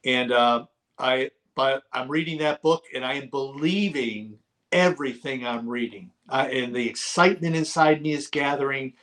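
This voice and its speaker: A man's voice: mid-range voice, normal speed. Fervent man telling his testimony. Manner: fervent storyteller, bursts into shouting when reliving moments. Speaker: guest, author. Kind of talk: testimony in a talk-show interview.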